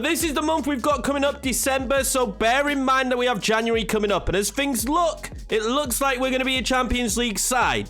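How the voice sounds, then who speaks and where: A man commentating his own football video game match, swinging between hushed tension and frustrated outbursts. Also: high voice. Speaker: gaming YouTuber.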